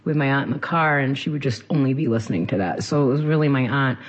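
A man from central Massachusetts, a singer being interviewed, talking casually in quick rambling bursts full of restarts. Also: medium pitch, lo-fi sound.

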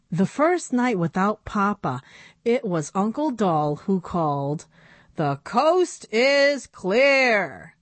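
A woman reads a children's storybook aloud at an unhurried pace. Her pitch moves expressively through each line. The recording is dry and close. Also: a little mellow, dry recording.

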